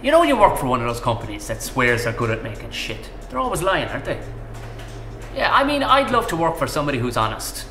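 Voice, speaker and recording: A man's voice: fairly high pitch, huge pitch swings, fast, echoey room, noisy background. A man holding forth in a profane comic rant to a stranger at the pub. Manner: profane, ranting, conspiratorial. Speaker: pub regular in a comedy sketch.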